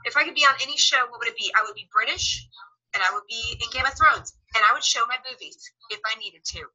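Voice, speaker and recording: A woman chatting casually on a live stream from her phone, talkative and animated, breaking into quick exclamations and giggles. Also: fairly high pitch, lo-fi sound. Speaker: actress live-streaming while watching her show.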